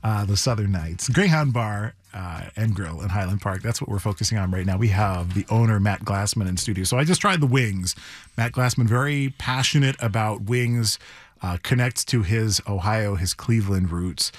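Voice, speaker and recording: Husky, upbeat male radio host. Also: on the low side, moderate pace. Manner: enthusiastic, chatty, eating on air. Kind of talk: casual radio food segment. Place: radio studio.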